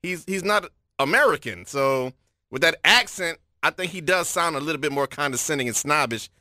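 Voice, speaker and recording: A man's voice: fairly high pitch, expressive, normal speed, bright, forceful tone, no room sound, clean studio sound. A man co-hosting a morning radio show, giving his opinions with stammering restarts. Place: radio studio. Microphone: studio microphone.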